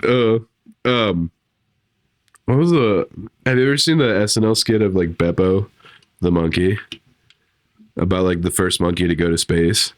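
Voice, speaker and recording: A man's voice: deep voice, measured pace, pauses often. A man co-hosting a podcast, chatting casually and acting out jokey bits in silly voices. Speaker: podcast co-host. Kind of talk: casual chat.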